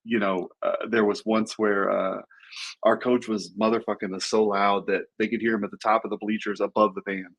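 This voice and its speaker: A man co-hosting a podcast, telling stories in an animated way and shouting out the lines he quotes. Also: on the low side, fairly quick. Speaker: podcast co-host. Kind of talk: casual storytelling.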